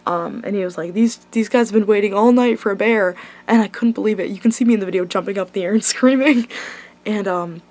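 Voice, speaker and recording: A young woman vlogs to camera, telling a story in excited, rambling talk. She gushes, fills her sentences with ums and likes, and swears without a second thought. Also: medium pitch, quick pace. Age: young adult. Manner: gushing, swears casually, many ums and likes. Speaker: vlogger.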